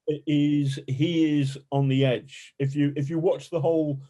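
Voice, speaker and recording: A man, an investigative journalist, telling stories in a colorful, animated way as a podcast guest and swearing freely. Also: a little high, unhurried. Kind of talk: casual storytelling interview.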